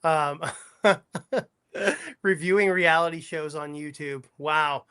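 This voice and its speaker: A man on a talk show as a guest, crude and excitable, stammering over his words. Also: on the high side, slow pace, clear, resonant tone. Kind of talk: casual talk show chat.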